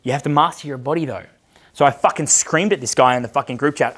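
A man's voice: medium pitch, fast. A man in his thirties with an Australian accent, a dating coach telling a long casual story, swearing constantly and acting out the voices of the people in it. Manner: profane, animated, acts out quoted voices.

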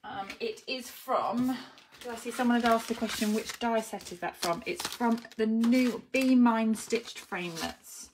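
A papercraft demonstrator with a slightly high voice talks at a measured pace through a live-streamed craft tutorial. She thinks aloud with many ums and greets viewers by name as she works, with clear background noise in the recording.

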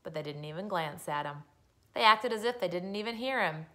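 A woman reading a children's story aloud, expressive and storytelling. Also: fairly low pitch, fairly quick. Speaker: reader.

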